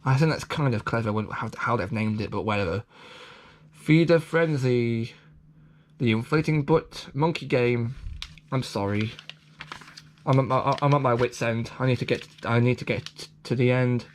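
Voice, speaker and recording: With a medium-pitched voice and a moderate pace, a male vlogger works his way through a toy catalogue. He rambles casually, trips into restarts, and keeps making self-deprecating remarks.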